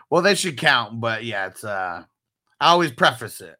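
A man co-hosting a casual fantasy football chat, reading viewer comments aloud, laughing often and getting excitable. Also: mid-range voice, unhurried.

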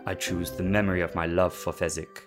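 A man voicing an aging swordsman with a Spanish accent, speaking quietly and solemnly. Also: sits low, little pitch movement, fairly quick, music in the background, lightly acted. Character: aging male swordsman, vengeful yet tender.

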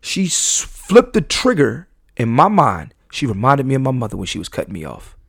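A man's voice: wildly swooping pitch, moderate pace, gravelly, husky, dry recording, studio quality. Emphatic man hosting a candid podcast. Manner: emphatic, repeats and restarts phrases; swings between loud bursts and low, quiet asides. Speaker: podcast host.

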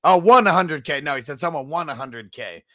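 A man's voice: on the high side, lively intonation, a little fast, a bit bright, no echo, studio quality. A man co-hosting a casual sports podcast, laid-back and often laughing, reading out listener comments. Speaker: podcast co-host.

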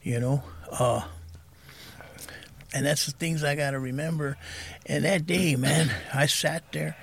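Gravelly, husky-voiced man in his 50s, soft-spoken guest sharing a raw personal story. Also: mid-range voice, fairly even intonation, a little slow. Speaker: podcast guest in recovery.

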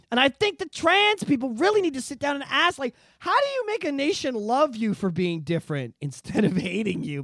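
A young man on a casual podcast talks fast and high, his voice swinging up and down as he rambles and swears. The recording is dry and close to the mic. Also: vocal fry, no echo. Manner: profane, rambling, animated, bursts into shouted impressions. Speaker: podcast co-host.

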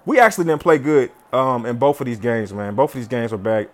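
A man commentating his own football video game play, chatty and slangy, swinging from loud yelling to low muttering. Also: brisk. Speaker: gamer.

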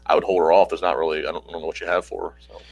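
A man co-hosting a casual wrestling chat, quick and halting with many restarts. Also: deep voice, flat delivery, vocal fry, dry recording, poor audio. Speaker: wrestling podcast co-host.

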